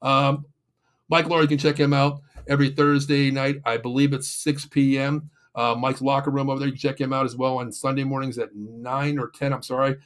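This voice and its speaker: A man hosts a sports show, ranting loosely and circling back on himself with fillers and false starts. His voice sits at an ordinary middle pitch. He slides from venting into casual sponsor reads. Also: little pitch movement, a little fast. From Pittsburgh area, USA. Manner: frustrated, rambling, with many fillers and restarts.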